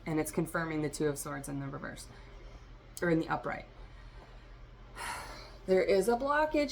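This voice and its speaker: A woman's voice: fairly low pitch, slight background noise. A woman giving a rambling, free-associating tarot reading for a vlog, talking straight to her listeners. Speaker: tarot reader.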